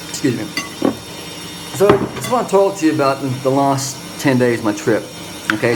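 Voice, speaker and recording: A young man from Australia rants bluntly through a casual travel vlog, restarting his sentences as he goes. His voice bounces around a roomy, echoing space. Steady background ambience runs clearly underneath him. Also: mid-range voice, noisy background. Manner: blunt, ranting, restarts often. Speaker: travel vlogger.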